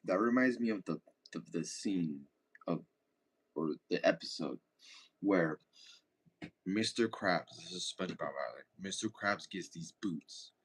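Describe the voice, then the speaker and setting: Deep-voiced laid-back young man streaming. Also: lively intonation, a little slow, slightly rough. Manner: laid-back, swears often, rambling. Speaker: streamer reading chat. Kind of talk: casual chat.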